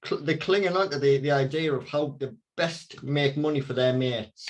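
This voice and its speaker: A man speaks on a political panel as a councillor. He makes his case earnestly and with emphasis, at an ordinary pitch for a man. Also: normal speed.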